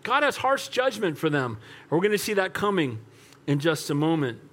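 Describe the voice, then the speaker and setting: An older man preaching a sermon as pastor, animated and rhetorical, asking the congregation for amens. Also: a little high, moderate pace.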